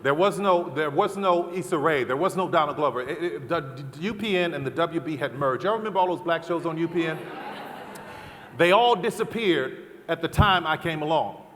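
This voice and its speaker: A middle-aged man giving a fervent, preacherly convention speech, building to loud repeated calls. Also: a little high, lively intonation, moderate pace. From American South. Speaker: keynote speaker. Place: large convention hall. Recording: long hall reverb.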